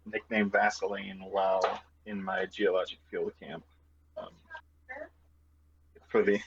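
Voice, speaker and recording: A man playing in a tabletop game, chatting in a relaxed way. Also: sits low, unhurried, lo-fi sound, noisy background. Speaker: player.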